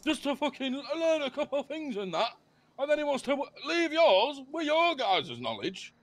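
A man's voice: extremely high pitch, sing-song, normal speed, a bit bright, dry recording, full character voice. A man voicing a hot-headed young male crew boss in a game role-play, ranting and swearing. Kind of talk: GTA role-play voice chat.

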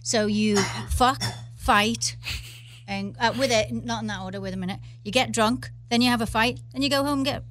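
Blunt woman with a softened Northern English accent. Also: fairly high pitch, moderate pace. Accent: Northern English, softened toward London. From Newcastle, England. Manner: blunt, frank and swearing freely. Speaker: guest. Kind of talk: casual podcast chat.

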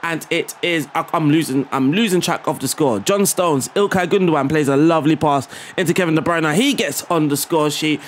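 A man casually explaining football video game tactics and commentating on replays in an excitable, chatty way, laughing at himself. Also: fairly high pitch, fairly quick, a little hiss or hum. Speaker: gaming YouTuber.

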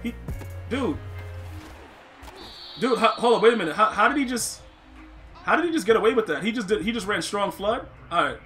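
A man giving casual, slangy live commentary on a football video game, excitable, laughing often and talking to his chat. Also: sits high, a little fast, pauses often, faint music behind. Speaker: gaming streamer.

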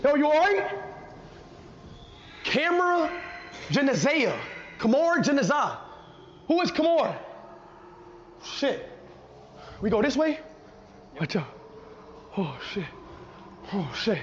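A young man live-streaming through a haunted house, loud and panicky, swearing and yelling as he goes. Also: extremely high pitch, big pitch swings, takes it slowly, pauses often. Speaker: livestreamer. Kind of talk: frantic live-stream reactions. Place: indoor haunted house attraction. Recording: dull lo-fi stream audio, noisy.

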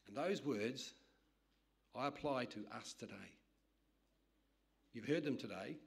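A man's voice: mid-range voice, moderate pace, vocal fry, long pauses. A middle-aged man preaching a sermon, telling rambling personal stories in a conversational way with frequent restarts.

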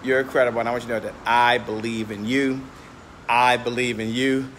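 Strolling outdoors by a hotel, this male host speaks into a handheld phone for a casual livestream vlog, a little breathless but upbeat and motivational. His mid-range voice is fairly bright, a little fast, and flat in delivery. Some slight noise sits in the background.

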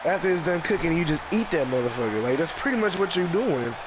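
A man's voice: a little high, sing-song, fast, noisy background. A man joking around and teasing his friends while they play a video game together, laughing often. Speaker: gamer. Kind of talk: casual group banter while gaming.

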